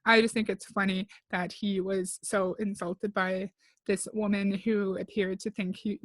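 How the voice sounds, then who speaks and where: A woman's voice: medium pitch, no echo. A woman commenting on a video clip, blunt and sarcastic. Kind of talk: critical reaction commentary.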